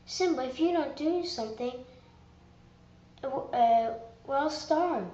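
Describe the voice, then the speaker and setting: A woman's voice: high voice, unhurried, warm tone, reverberant, dull audio. A woman doing Nala, an earnest young lioness. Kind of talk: fan voice audition.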